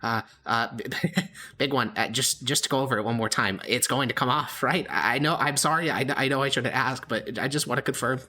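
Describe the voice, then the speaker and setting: A man's voice: medium pitch, brisk, pushed and bright, slight background noise, pitched above the performer's own voice, lightly acted. A man voicing a nervous, stammering little male goblin who keeps apologizing.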